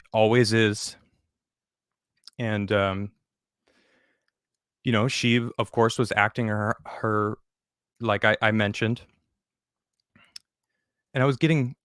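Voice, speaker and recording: A man speaking as a podcast guest, telling his story candidly and bluntly, with frequent swearing and halting restarts. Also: on the low side, a bit bright, dry recording, clean studio sound. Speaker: podcast guest recounting his exit from a show.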